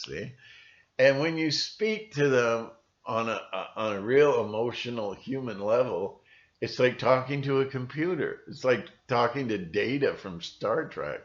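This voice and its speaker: A man's voice: medium pitch, expressive, a little slow, muffled recording. A man hosting his own video channel, talking in a rambling, casual monologue and often slipping into voices to mimic other people.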